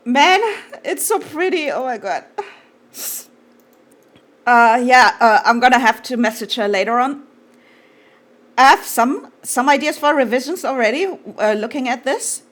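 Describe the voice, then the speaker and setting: A woman streaming live, chatting casually and gushing excitedly, swearing freely and trailing off into fillers. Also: on the high side, measured pace, long pauses.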